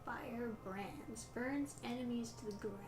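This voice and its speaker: A woman's voice: on the high side, a little slow, noisy background. A woman chatting in a laid-back way while playing a video game, reading item text aloud. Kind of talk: casual gaming chat. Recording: echoey room.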